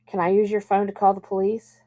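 A woman reading aloud, voicing a blunt, excitable young man with Down syndrome in a storybook. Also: medium pitch, brisk, close to an everyday voice. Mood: insistent. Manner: blunt, loud outbursts.

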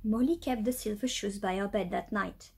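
A woman teacher reading a children's storybook aloud, with a light British accent, in a lively storytelling way. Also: medium pitch, moderate pace, creaky, a little hiss or hum. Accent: British English.

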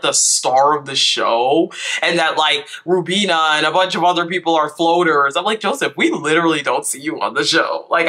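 A man hosting a casual recap vlog, chatty and animated, his voice stuffy from a cold. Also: a little high. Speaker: YouTube host.

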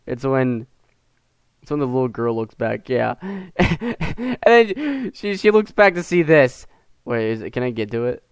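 A man's voice: mid-range voice, big pitch swings, measured pace, smooth, no room sound. An American teenage boy casually reviewing a short film, rambling and giggling, with lots of fillers and restarts. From United States. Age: teens. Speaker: gaming YouTuber.

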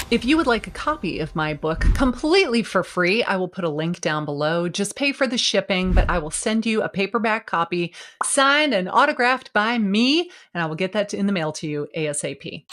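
This woman in her fifties coaches video marketing, and here she gives an upbeat, forceful, encouraging pep talk directly to the camera in a medium-pitched voice.

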